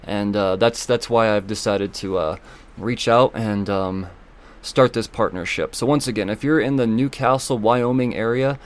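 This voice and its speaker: A man hosting a solo podcast, talking loosely and excitably, swearing often and filling gaps with ums and uhs. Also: lowish voice, normal speed. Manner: loose, profane and excitable, with many fillers. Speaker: podcast host. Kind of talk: casual solo podcast talk.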